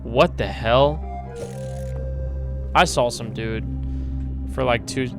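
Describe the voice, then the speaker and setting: A young man commentating and narrating a horror game, excitable and slangy, swearing often. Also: mid-range voice, slow, over music. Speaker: gaming YouTuber.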